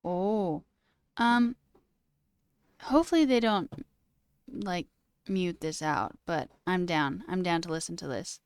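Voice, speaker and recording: A woman's voice: lowish voice, animated, takes it slowly, pauses often, clean tone, no room sound. A woman streamer in casual, playful live chat, musing aloud and answering her viewers. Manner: playful and chatty, musing aloud over word sounds. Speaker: livestreamer.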